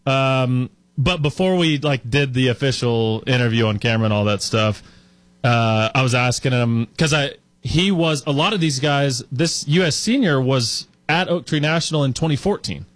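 A man co-hosting a sports radio show, telling a story in a chatty, animated way with lots of fillers. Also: medium pitch, normal speed, no room sound. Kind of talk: casual sports talk.

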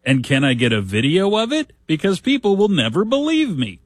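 A man voicing an amazed male ballpark fan, husky, raised and pushy, dry close sound. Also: high voice, huge pitch swings, brisk, dry recording, voice pushed up, heavily acted.

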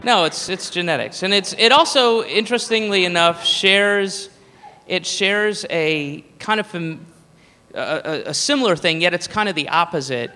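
A man's voice: high-pitched, normal speed, pushed and bright, soft background music. A man doing a stand-up comedy routine, rambling and profane, with laughing asides. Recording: live room with long reverb.

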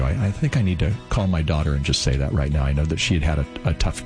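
A man in his sixties, co-host of a radio talk show, telling a heartfelt personal story in an earnest, lively way. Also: extremely low pitch, quick pace, over music, poor audio. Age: 60s.

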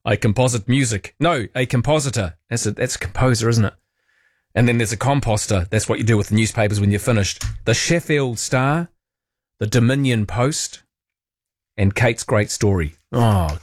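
A man's voice: mid-range voice, no echo, studio quality. A man hosting talkback radio, playful and chatty. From New Zealand. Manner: playful, animated, jokey asides. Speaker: radio show host. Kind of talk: casual talkback radio chat.

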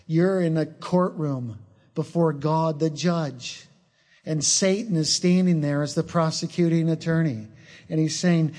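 A man's voice: on the high side, darkish tone. A male preacher delivering an earnest sermon, mixing scripture with personal stories.

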